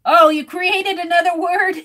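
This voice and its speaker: During a live art stream, a woman with a very high-pitched, slightly bright voice chats casually with viewers while cutting a stencil. She greets people by name and playfully sounds out words.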